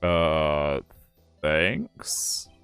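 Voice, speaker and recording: A man voicing a hesitant young lawyer, deadpan, low gravelly voice, slow. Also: dry recording, soft background music, heavily acted. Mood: wary. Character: young male defense attorney, wary and awkward. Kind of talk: fan dub of a courtroom game.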